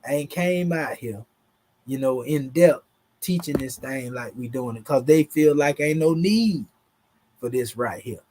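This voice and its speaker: A man's voice: on the high side, warm tone. A man with a Southern US drawl giving a casual, emphatic online lesson, talking through charts in a slangy, conversational way. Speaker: teacher.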